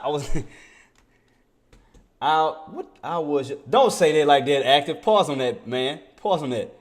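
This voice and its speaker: A man giving casual live commentary on his day trading, excitable and chatty, laughing with his chat and muttering to himself while he searches his screen. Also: fairly high pitch, slow pace, long pauses. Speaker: day trader streaming live.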